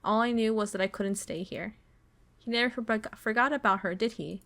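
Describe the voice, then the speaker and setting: A woman streamer reading a visual novel's text aloud, slow and dramatic, breaking off to swear and react. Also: fairly high pitch, fairly bright tone.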